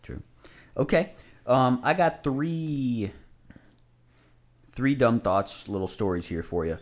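A man's voice: medium pitch, takes it slowly. A man in casual podcast chat, easygoing and a bit hesitant.

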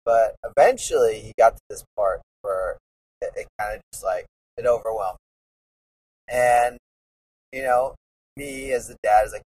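A man's voice: mid-range voice, normal speed, long pauses, a little mellow, slightly rough, far from the mic, poor audio. A man in his thirties hosting a podcast, talking earnestly and rambling in a casual, reflective monologue. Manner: earnest, rambling, with many restarts. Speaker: podcast host.

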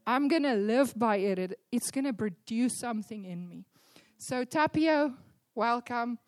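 Woman host at church intro, encouraging, bit high voice, dry sound. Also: lively intonation, measured pace, dry recording. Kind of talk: pastoral introduction.

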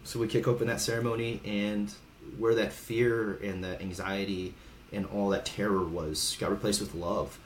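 A man's voice: fairly low pitch, flat delivery, normal speed, a little hiss or hum. A man in his thirties from Hawaii, a veteran podcast guest, speaking in a casual, frank way and swearing now and then. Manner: casual and frank, swears, acts out quoted voices. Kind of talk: candid conversational storytelling. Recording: echoey room.

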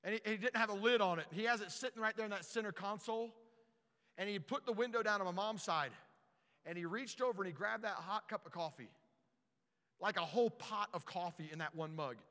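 A man preaching a storytelling sermon, animated and stumbling over repeated words as he starts sentences. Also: sits high, fairly quick, long reverb tail.

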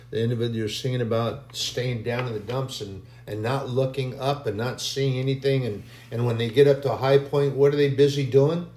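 A man's voice: medium pitch, darkish tone. Man, preacher, informal sermon, conversational, repeats phrases, roomy echo. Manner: conversational, acts out quoted voices, repeats phrases.

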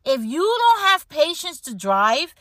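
A woman hosting a podcast, chatting casually and ranting with animated energy about everyday annoyances, often laughing at herself. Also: high-pitched, a little slow, dry recording, clean studio sound. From United States. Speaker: podcast host. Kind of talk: casual chat.

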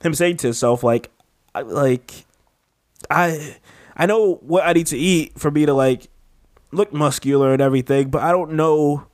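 A man's voice: fairly high pitch, moderate pace, a little mellow, no echo, clean studio sound. A man co-hosting a home podcast, chatting casually and rambling, filling his speech with "like". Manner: rambling, heavy use of "like". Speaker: podcast co-host. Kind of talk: casual chat. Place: home room with a window AC unit.

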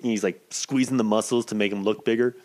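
Thirtysomething guy telling a wrestling-show story, cussing a lot, voice jumps up and down. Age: 30s. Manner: profane, animated, quick swings in pitch. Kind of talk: casual storytelling.

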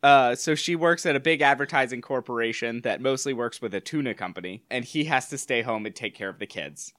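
A man's voice: mid-range voice, brisk, a bit bright, no echo. Chatty man hosting a film chat. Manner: chatty, loose, many "like" fillers. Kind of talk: casual film discussion.

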